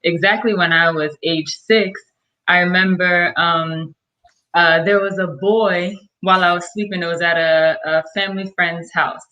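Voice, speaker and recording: A woman's voice: fairly low pitch, steady tone, a little slow, sharp tone, dull audio. A woman guest telling a candid personal story in a talk, hesitating with many fillers.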